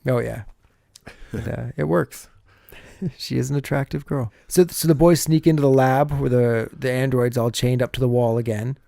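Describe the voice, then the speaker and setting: A man's voice: mid-range voice, steady tone, moderate pace, gravelly, dark tone, no room sound, studio quality. A man co-hosting a podcast, casually recapping a TV episode scene by scene and laughing often as he goes.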